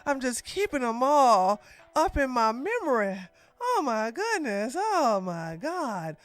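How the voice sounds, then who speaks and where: A woman's voice: sits high, sing-song, slow pace, pitched below the performer's own voice, exaggerated voice. A woman putting on a flamboyant, sassy man just out of jail, campy and drawling. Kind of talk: mocking podcast impression.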